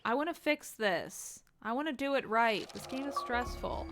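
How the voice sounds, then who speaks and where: A woman's voice: on the high side, normal speed, over music. A woman streaming a game, reacting anxiously and reading the game's dialogue aloud in casual commentary. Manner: reactive, anxious exclamations while playing.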